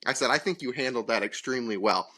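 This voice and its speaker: A man's voice: mid-range voice, quick pace, sharp tone. A man, co-hosting a podcast and telling a profane, exasperated story, acting out the people in it. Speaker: podcast co-host. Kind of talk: casual storytelling chat.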